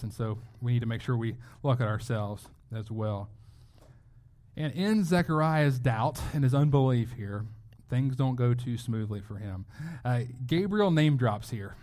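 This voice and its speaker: A middle-aged man preaching a sermon in a casual, conversational way, acting out quotes from the people in his story. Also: mid-range voice. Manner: conversational, animated, acts out quotes. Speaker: pastor.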